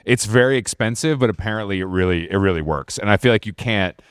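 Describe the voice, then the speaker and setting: Casting: man, low voice, blunt and argumentative podcast guest, dry close recording. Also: quick pace, smooth, no room sound. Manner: blunt, argumentative, trailing off quietly. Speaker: guest artist. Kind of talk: casual chat. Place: home.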